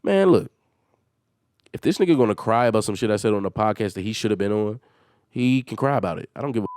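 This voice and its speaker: A man's voice: mid-range voice, expressive, fast talker, a little mellow, no echo. A man hosting a solo podcast, venting in a heated and exasperated way with emphatic swearing. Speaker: podcast host.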